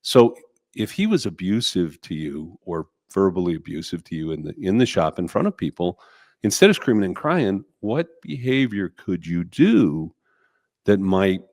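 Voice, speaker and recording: Deep-voiced man giving calm advice. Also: normal speed, no room sound, clean studio sound. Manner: reflective, many fillers and restarts. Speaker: podcast co-host and business coach. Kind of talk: casual advice chat.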